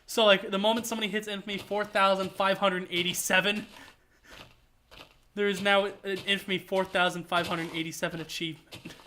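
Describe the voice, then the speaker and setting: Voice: medium pitch, little pitch movement, brisk, pushed and bright, slight background noise. A streamer chatting casually while gaming, rambling with lots of filler words.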